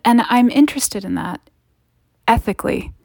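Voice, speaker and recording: A woman author talking through her work in an interview. She sounds reflective and thoughtful, and she becomes animated when she gets to the points she enjoys. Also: a little high, moderate pace, creaky, no echo, studio quality. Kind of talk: interview conversation.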